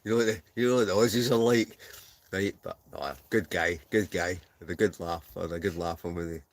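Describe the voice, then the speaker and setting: Scottish guy chatting on a live stream from his tent, bit of a low voice, laughs a lot, reads out viewer shoutouts. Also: fairly even intonation, fairly quick. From Scotland. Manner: chatty, laughing banter, reading out viewer messages. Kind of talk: casual live-stream chat. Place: inside a heated camping tent.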